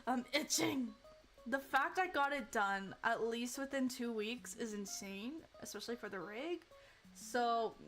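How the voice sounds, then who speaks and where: A young woman streaming casually, excitable and giggly, with lots of fillers and restarts. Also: a little high. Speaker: VTuber streamer. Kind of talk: casual livestream chat.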